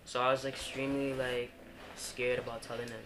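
A woman's voice: rumbling low, little pitch movement, brisk, background noise. Young woman telling a candid story. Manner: candid storytelling, many "like" and "you know" fillers. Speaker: guest telling her coming-out story. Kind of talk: casual conversation.

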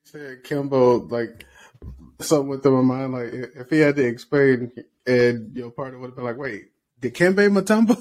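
Cohost dude cracking jokes, butting in, casual podcast. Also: male voice, medium pitch, level tone, normal speed, a little mellow. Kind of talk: casual banter.

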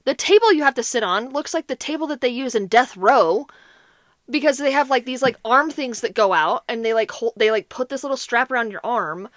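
Animated woman telling a story. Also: on the high side, a little fast, no room sound, clean studio sound. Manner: animated storyteller, heavy use of "like". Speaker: podcast co-host. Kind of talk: casual chat.

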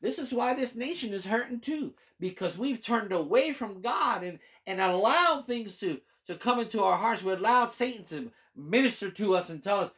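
A pastor preaches his personal testimony while working through a scripture passage, fervent and emphatic, leaning hard on key phrases and repeating them for weight. His high, fairly bright voice is animated, at normal speed with few pauses.

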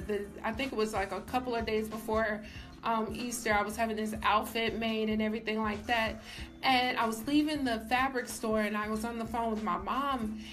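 A woman's voice: fairly high pitch, a bit bright. A young woman giving a casual personal faith testimony, emphatic and filled with "like", as a show host. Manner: casual, emphatic, says "like" often. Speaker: faith vlogger.

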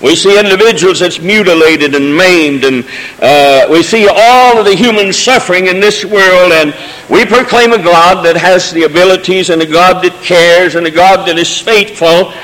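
A pastor delivers his sermon in a fairly high voice, drifting from easygoing asides into swelling, emotional cadences. His words ring out with the long reverb of a church sanctuary. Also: normal speed, a bit bright. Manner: preaching with folksy asides and rising emotional cadences. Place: church sanctuary during a service.

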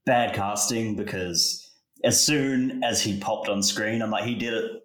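A man's voice: lowish voice, steady tone, unhurried, fairly bright tone. A man chatting casually about a film, hesitant at times and laughing often. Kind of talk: casual film review chat. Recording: echoey room.

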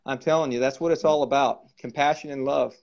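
A man's voice: medium pitch, steady tone, brisk, vocal fry, darkish tone, dull audio. A man sharing a charismatic testimony with fervent emphasis, repeating words as he goes.

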